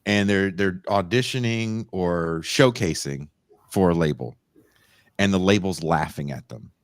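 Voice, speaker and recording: A male podcast host telling a long story in a loose, profane, animated way. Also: low-pitched, a little slow, no echo, studio quality. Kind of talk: casual storytelling chat.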